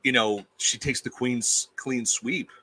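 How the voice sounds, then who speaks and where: Bright but husky guy, guest on a podcast, really emphatic, says stuff twice. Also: mid-range voice, steady tone, takes it slowly. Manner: emphatic, repeats himself. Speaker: guest reviewer. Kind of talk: casual opinionated chat.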